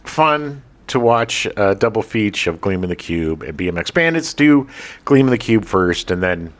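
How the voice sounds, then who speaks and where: Animated man chatting on a podcast. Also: fairly low pitch, normal speed. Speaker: podcast co-host. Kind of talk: casual chat.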